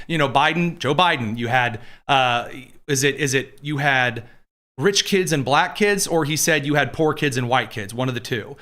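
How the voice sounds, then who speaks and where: A young man hosting a live political commentary stream, talking fast and combatively and slipping into mocking squeaky voices. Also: expressive, fairly bright tone. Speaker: political livestream host.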